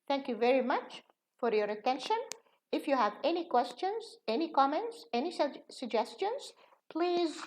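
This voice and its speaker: Woman, middle-aged, teacher, drilled example words, fairly high voice, animated intonation. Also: background noise. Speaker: pronunciation teacher. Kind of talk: recorded video lesson.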